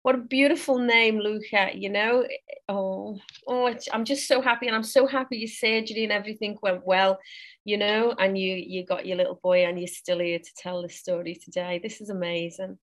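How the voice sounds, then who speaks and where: A woman guest on a podcast, a psychic reader, talking in an effusive, warm way. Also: medium pitch, fairly even intonation, moderate pace. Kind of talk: casual interview chat.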